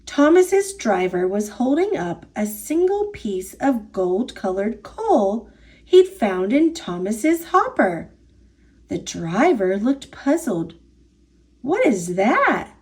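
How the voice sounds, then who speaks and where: A storyteller, a woman with a high and lively voice, reads aloud from a kids' picture book. She lets every line stretch out slowly, full of expression.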